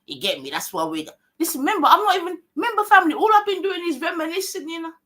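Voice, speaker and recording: Very high-pitched, sing-song and a bit bright, this woman talks very fast while hosting a livestream. Her heated rant is combative, thick with slang and swearing, and she repeats her points.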